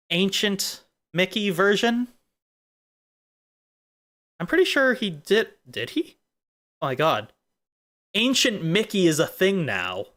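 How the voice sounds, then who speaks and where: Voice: mid-range voice, a bit bright. A streamer in casual chat, rambling off into silly tangents.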